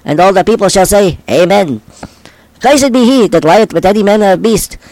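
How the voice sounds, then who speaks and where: A man with a rather high voice reads scripture in a steady, solemn cadence. He pauses at each short phrase. The recording is close and dry, with no room sound. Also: no room sound, poor audio. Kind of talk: scripture reading.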